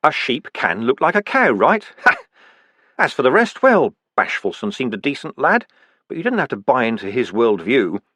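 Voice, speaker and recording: A man narrating a fantasy audiobook in a wry, expressive storytelling manner. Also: mid-range voice, normal speed, no echo.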